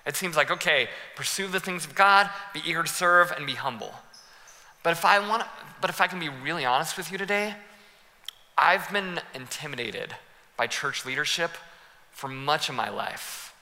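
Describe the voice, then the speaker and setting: A young man preaching a sermon as pastor, telling stories in a lively way, laughing and acting out the scenes. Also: fairly high pitch, moderate pace. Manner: animated, laughing storyteller who acts out scenes. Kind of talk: sermon with personal storytelling. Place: church hall. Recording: long hall reverb.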